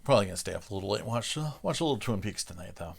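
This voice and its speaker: A man's voice: fairly low pitch, rapid-fire, gravelly. A man hosting a livestream, chatting casually with viewers and chuckling between loose, filler-heavy sentences. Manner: relaxed, chuckling, lots of "uh" fillers. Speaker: livestream host. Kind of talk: casual chat with live chat viewers.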